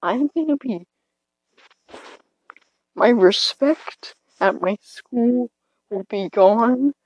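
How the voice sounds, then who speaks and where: A woman's voice: a little high, animated, extremely slow, breathy edge, no echo, highs cut off. Rambling teenage girl with a cracking voice. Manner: self-deprecating, rambling, hesitant. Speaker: podcaster. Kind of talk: casual rambling monologue. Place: bedroom at night, in bed. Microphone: phone.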